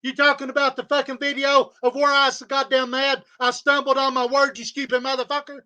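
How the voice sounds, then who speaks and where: A man's voice: very high-pitched, completely flat delivery, fairly quick, bright, forceful tone. A man on a livestream, ranting in a heated, profane way and repeating his insults. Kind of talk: angry livestream rant. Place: home studio.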